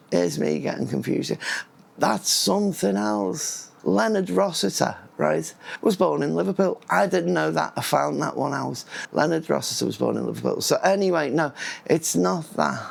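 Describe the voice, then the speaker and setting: A man vlogging in a casual, rambling monologue, often losing his thread and restarting words. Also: medium pitch. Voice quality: gravelly and husky.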